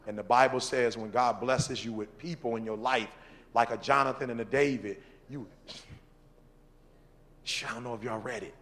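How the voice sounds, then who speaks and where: A man leading a church talk on marriage and leadership. He speaks to the men in the audience directly, repeats his phrases for emphasis and laughs between points. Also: fairly low pitch. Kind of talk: informal preaching talk with audience questions.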